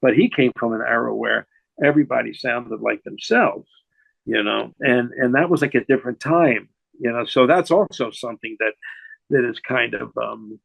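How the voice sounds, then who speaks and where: A man's voice: medium pitch, normal speed, vocal fry, dry recording, highs cut off. A man in his sixties, a jazz saxophonist and teacher, telling stories in a casual interview, rambling with many restarts. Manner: rambling, full of restarts and "you know". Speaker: jazz saxophonist and educator, podcast guest.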